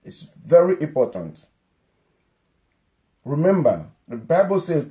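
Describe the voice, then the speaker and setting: A man's voice: on the high side, lively intonation, takes it slowly, pauses often, warm tone. A man giving an earnest, lecturing parenting-advice monologue that often repeats its points.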